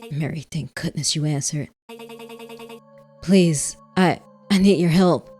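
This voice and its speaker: A woman's voice: sits low, takes it slowly, dark tone, faint music behind. A woman voicing a frightened young woman who is out of breath and pleading urgently for help.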